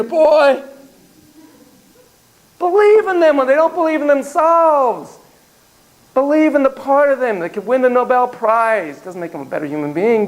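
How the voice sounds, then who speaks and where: A man giving a classroom lecture on child therapy, telling digressive, self-deprecating stories in an animated way. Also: extremely high pitch, creaky, poor audio.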